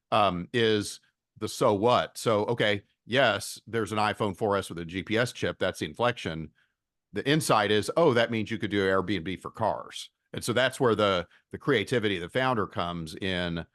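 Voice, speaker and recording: A low-pitched man talks as an investor guest on a podcast. He explains things steadily and often repeats the first words of a phrase. His voice is recorded close and dry, with no room sound. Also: fairly bright tone, no echo. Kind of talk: podcast interview.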